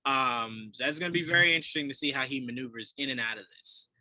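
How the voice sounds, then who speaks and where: A man co-hosting a podcast in casual chat, animated and laughing often as he acts out quotes. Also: medium pitch, fast talker, no room sound, poor audio. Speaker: podcast co-host.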